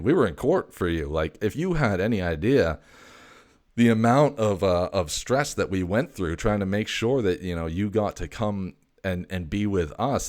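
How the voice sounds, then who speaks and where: A man hosting a casual comedy livestream, joking and laid-back with frequent stammers. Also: on the low side. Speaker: show host.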